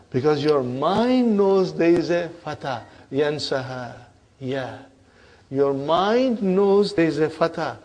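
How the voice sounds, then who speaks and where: A middle-aged man with a slightly high, darkish voice teaches an Arabic grammar class. He drills forms and often checks that students follow, prompting them with "huh?".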